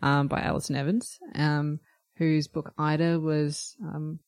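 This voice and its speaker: A woman's voice: low voice, level tone, measured pace, a little mellow, smooth, no room sound, studio quality. A young adult woman co-hosting a podcast, chatting casually with lots of fillers. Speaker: podcast co-host. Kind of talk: casual chat.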